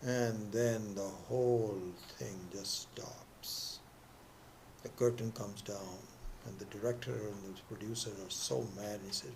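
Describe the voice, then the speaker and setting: A man's voice: on the low side, fairly even intonation, creaky, darkish tone, slight background noise. A man teaching a scripture class, telling a story with many restarts and acting out its voices. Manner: storytelling, acts out quoted voices; halting restarts. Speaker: spiritual teacher.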